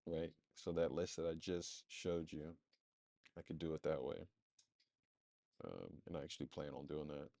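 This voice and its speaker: A man with a very low, dark and mellow voice talks through a screen-share walkthrough, thinking aloud as he goes. His delivery is loose and rambling, full of fillers. The sound is dry and close, with no room echo. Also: flat delivery, normal speed, vocal fry, long pauses. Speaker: marketing agency presenter.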